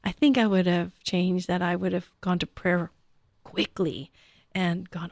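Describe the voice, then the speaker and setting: On a conversational radio talk show, a co-host or guest in her fifties reflects with self-deprecating humor, often laughing and hesitantly starting over. Her voice is on the low side with a darkish tone, her delivery flat and measured, and the recording dry.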